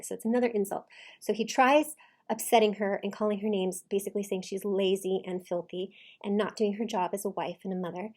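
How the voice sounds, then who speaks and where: A woman commenting casually on a video she is reacting to, repeating lines back and picking them apart with lively emphasis. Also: medium pitch.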